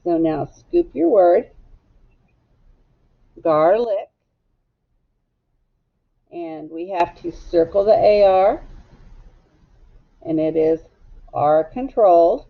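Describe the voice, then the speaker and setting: A female teacher with a low-leaning, expressive voice guides a phonics lesson slowly and deliberately, drawing out each syllable with patient care. The audio sounds slightly dull and muffled.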